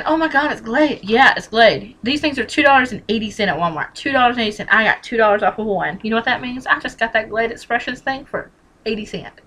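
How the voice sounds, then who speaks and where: A woman's voice: on the high side, sharp tone, poor audio. A woman vlogging a casual how-to on couponing, blunt and chatty, with mild swearing and lots of emphatic repetition, speaking straight to the viewer.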